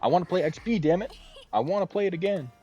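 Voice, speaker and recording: A man voicing a brash, hot-headed young male gang member in a game, shouting in a strained, high voice. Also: expressive, fast talker, dull audio. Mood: frantic. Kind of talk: dramatic reading of game dialogue.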